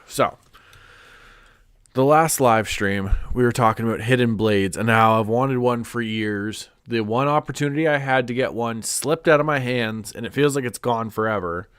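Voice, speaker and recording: A man's voice: medium pitch, normal speed, a bit bright, smooth, dry recording, studio quality. A man chatting casually on a live stream, congested and rambling with lots of "like" and restarts. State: stuffed up, congested.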